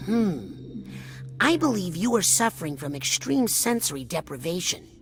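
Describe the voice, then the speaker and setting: A plucky, inquisitive young boy psychic, played by a woman in a video game. He quips and asks questions in a lively, bouncing voice. Game music plays clearly underneath. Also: fairly low pitch, moderate pace. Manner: inquisitive, quippy. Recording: game music playing behind.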